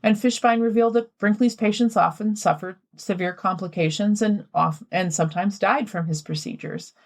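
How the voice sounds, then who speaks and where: A woman's voice: mid-range voice, normal speed. A woman co-hosting a podcast, reading a prepared history story with asides, then chatting casually. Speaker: podcast co-host.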